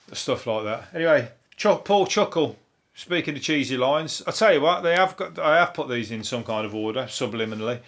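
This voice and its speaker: A man's voice: mid-range voice, lively intonation, brisk, fairly bright tone. A man hosting a comedy podcast, rambling through the day's news with plenty of swearing and laughing at his own jokes. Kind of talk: casual comedic news chat.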